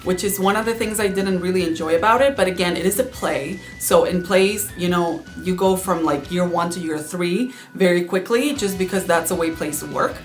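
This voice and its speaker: A woman's voice: on the low side, moderate pace, few pauses, soft background music. Chatty young woman with a Cuban accent. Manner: chatty, eager, addresses viewers directly. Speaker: book reviewer, channel host. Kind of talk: casual review vlog.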